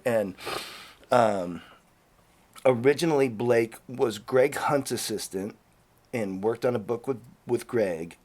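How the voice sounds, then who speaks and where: A man's voice: mid-range voice, a little mellow. A man hosting a podcast in a studio, rambling and joking with plenty of swearing. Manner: profane, jokey, rambling. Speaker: podcast host. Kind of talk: casual rambling chat.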